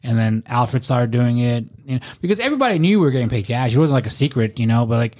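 A man spins rowdy bar stories in a loose, profane chat. He laughs easily and drops into quick voices for the people he quotes. His voice sits at an ordinary middle pitch. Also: animated, darkish tone. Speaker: podcast guest, former bouncer. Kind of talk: casual storytelling.

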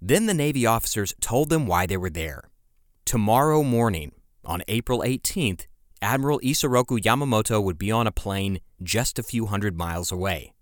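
Low-voiced man narrating history, dry sound. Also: expressive, moderate pace, dry recording. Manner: conversational storytelling with casual asides. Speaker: podcast host.

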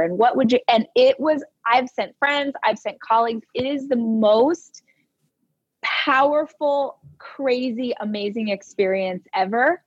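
A woman hosts a casual podcast chat, telling her stories in animated bursts and stretching out certain words. Her voice sits in the middle range and sounds dry and close. The audio is a little dull and muffled. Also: on the high side, slightly rough, no room sound. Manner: animated storyteller, quick bursts and drawn-out words. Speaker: podcast host.

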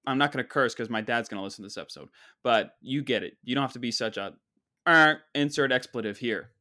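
Male podcast host, comedic rambling storyteller, sarcastic and mock-boastful, mid-pitched voice. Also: quick pace, sharp tone.

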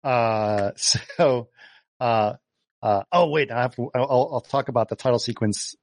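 A man's voice: medium pitch, a little slow. A man co-hosting a casual film chat podcast, laughing often and full of fillers and restarts. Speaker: podcast co-host. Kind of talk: casual chat about films.

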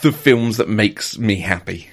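A man's voice: lowish voice, lively intonation, a little slow, fairly bright tone. A man co-hosting a podcast in casual chat, enthusiastic, often repeating words and laughing. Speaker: podcast co-host.

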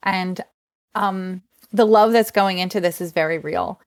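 A woman with a New Jersey accent, a guest author talking in a casual interview, enthusiastic and quick to laugh. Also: lowish voice, fairly even intonation, dry recording. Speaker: guest, children's book author.

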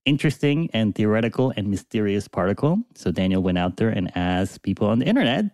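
A man's voice: fairly low pitch, big pitch swings, quick pace, darkish tone, no room sound, studio quality. A man co-hosting a casual science podcast, joking and laughing often. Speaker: podcast co-host.

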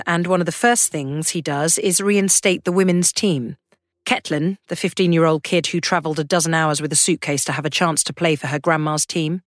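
A woman host reading scripted documentary narration in a measured storytelling manner. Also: low-pitched, no room sound, studio quality.

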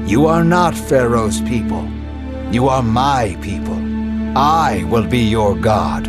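A man voicing God as a calm, mighty and compassionate figure who speaks in a solemn, measured way. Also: mid-range voice, close to an everyday voice. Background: music.

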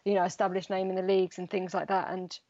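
A woman's voice: fairly low pitch, level tone, fast talker, darkish tone, lo-fi sound. A young woman, a footballer, chatting casually in an interview, rambling with lots of fillers. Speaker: footballer guest.

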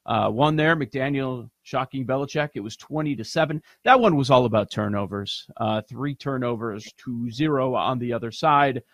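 A man hosting a sports betting podcast, moving briskly through games, odds and stats in casual talk. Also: mid-range voice, dry recording.

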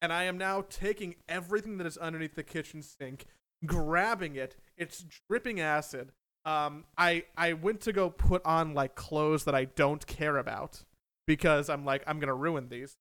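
A young man telling a story in casual chat, animated and self-mocking, swearing freely. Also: a little high, normal speed, clear, resonant tone, no room sound, studio quality.

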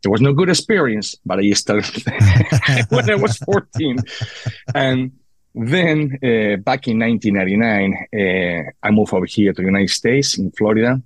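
A man with a Spanish accent from Spain, a guest on a podcast, talking casually with halting restarts. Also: lowish voice, dry recording. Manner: halting, repeats words. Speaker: guest, cigar maker.

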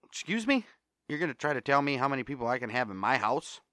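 A man's voice: medium pitch, big pitch swings, fast, sharp tone, dry recording, clean studio sound. A man with an American accent hosting a solo podcast, ranting angrily and swearing often. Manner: angry, profane ranting. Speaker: podcast host.

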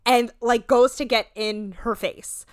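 Brief: woman, 30s, podcast co-host, animated retelling, dry close mic. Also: smooth, no echo. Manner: animated retelling, shifting quickly between pitches. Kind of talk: casual chat recapping a TV show.

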